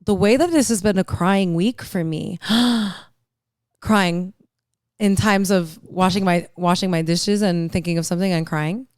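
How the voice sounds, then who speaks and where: A woman hosts her own podcast and talks casually on her own, circling and restarting her thoughts. Her voice is very clear and smooth. The close-miked sound is dry, with no room echo. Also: fairly low pitch, a little slow, a little mellow. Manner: rambling, self-interrupting, emotional and playful. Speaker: podcast host. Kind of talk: casual solo podcast chat.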